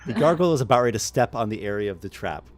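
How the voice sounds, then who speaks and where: A man running a tabletop game as game master, narrating in a halting way with restarts and soft laughs. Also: on the low side, expressive.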